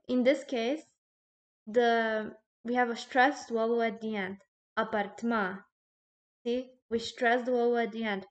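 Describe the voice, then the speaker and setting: A woman with a fairly high voice walks through a grammar lesson at an unhurried pace. She explains each rule step by step, stops to ask "okay?", and fills her pauses with a soft "um". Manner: slow and explanatory, with frequent "um" and "okay?" checks. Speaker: language teacher.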